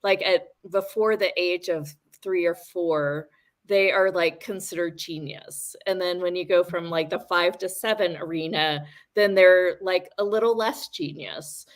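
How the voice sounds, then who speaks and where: A woman's voice: on the low side, steady tone, measured pace. A woman hosting a talk show, chatting casually and thinking aloud with many fillers. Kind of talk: casual chat.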